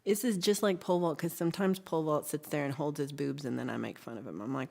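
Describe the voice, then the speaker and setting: A woman with a low voice hosts a relaxed livestream chat. She talks to her viewers in a chatty, rambling way, full of ums, and reads their messages aloud as she goes. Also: fast talker, creaky, few pauses, slightly rough. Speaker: livestream host.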